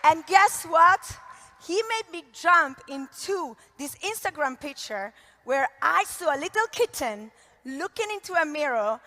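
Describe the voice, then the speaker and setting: A woman with an Italian accent giving an animated, gushing motivational talk from a convention stage. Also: sits high, measured pace. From Italy. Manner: animated, gushing, lots of laughs. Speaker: conference speaker. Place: large convention hall. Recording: echoey hall reverb.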